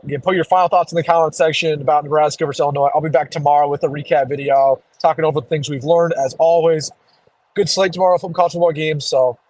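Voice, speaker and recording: Young man, fairly high voice, slightly hoarse, casual live-stream chat, dry close sound. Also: darkish tone, no room sound, low-quality recording. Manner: casual, chatty, reads viewer comments aloud. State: losing his voice a little. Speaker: sports streamer host. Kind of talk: live postgame reaction stream. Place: driving home.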